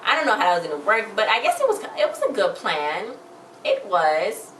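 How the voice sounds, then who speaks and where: A woman's voice: mid-range voice, huge pitch swings, moderate pace, a bit bright, distant mic. A young woman casually recapping a TV episode, rambling along and acting out the characters' lines. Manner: rambling retelling with acted-out quotes. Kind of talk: casual chat. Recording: roomy echo, faint background noise.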